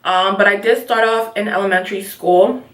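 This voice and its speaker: A woman's voice: medium pitch, fairly even intonation, moderate pace. Twenty-something woman rambling on her makeup vlog, slightly distant mic, echoey room. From Nigeria. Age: 20s. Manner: casual, rambling, keeps saying you guys. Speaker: beauty vlogger. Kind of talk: chatty get ready with me vlog.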